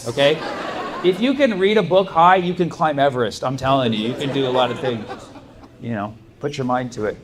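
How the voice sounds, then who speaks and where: A man doing a stand-up set, telling stories in a loose, rambling way with lots of fillers and restarts. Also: fairly high pitch. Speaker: stand-up comedian. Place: comedy club stage. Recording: live club recording with steady background noise. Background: audience ambience.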